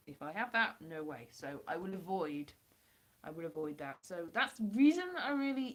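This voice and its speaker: A hoarse woman from the United Kingdom rambling and joking as she chats with viewers on a live stream through a computer mic. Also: fairly low pitch. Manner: rambling and jokey, chatting to viewers. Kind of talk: casual live-stream chat answering viewers.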